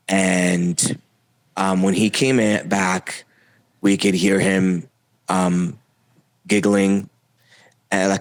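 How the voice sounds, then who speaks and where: A young adult man from Puerto Rico telling his own story as a podcast guest, halting with frequent fillers and restarts. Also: low-pitched, no room sound. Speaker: interview guest. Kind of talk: personal testimony.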